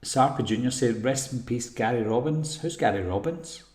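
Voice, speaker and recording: A man's voice: mid-range voice, normal speed, a little mellow, a little hiss or hum. A Scottish man hosting a live-stream Q&A, reading chat comments aloud and rambling as he thinks. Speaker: host. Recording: roomy echo.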